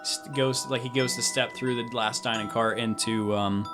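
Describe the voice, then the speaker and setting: A man's voice: mid-range voice, fairly even intonation, moderate pace, over music. A young man narrating a tabletop game as game master, describing scenes in a rambling way full of fillers.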